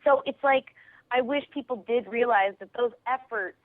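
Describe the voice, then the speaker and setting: A woman comedian telling an animated story as a radio guest, acting out the people in it. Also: a little high, moderate pace, no echo. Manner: excitable, quotes people in her stories. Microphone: phone call. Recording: tinny phone line.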